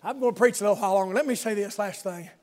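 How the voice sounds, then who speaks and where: A man with a strikingly high voice delivers a sermon. He preaches with fervor, dropping to a hushed, intimate tone and then climbing into a shouted, rhythmic cadence. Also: racing. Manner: impassioned, builds from soft talk to fervent shouting cadence.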